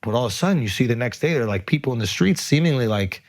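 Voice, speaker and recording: A man's voice: medium pitch, lively intonation, fast talker. A man hosting a podcast, talking in an earnest, emphatic way with frequent swearing. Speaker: podcast host. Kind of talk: casual podcast chat.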